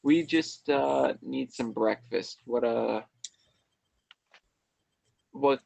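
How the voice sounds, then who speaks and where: A shy young woman adventurer, played by a man in his own natural voice. She is hesitant and apologetic, gravelly and slightly raised, recorded close and dry. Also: medium pitch, extremely slow, darkish tone, no echo, heavily acted. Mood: embarrassed.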